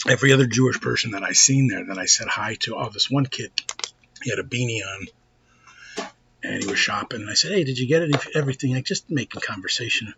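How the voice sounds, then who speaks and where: A man with a New York accent telling a profane, excitable story while showing off a shopping haul in a casual vlog. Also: lowish voice, a little fast, gravelly, lo-fi sound, a little hiss or hum. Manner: blunt, profane, excitable, with asides and restarts.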